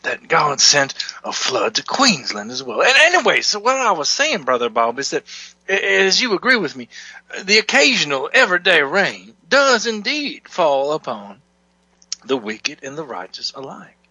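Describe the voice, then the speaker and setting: Comic televangelist preacher, fire and brimstone, played by a man, lively swooping voice. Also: moderate pace, slightly rough, dry recording, exaggerated voice, poor audio. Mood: fiery. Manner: preachy, booming, asks for donations. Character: bombastic fire-and-brimstone male televangelist pastor. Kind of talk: parody sermon banter.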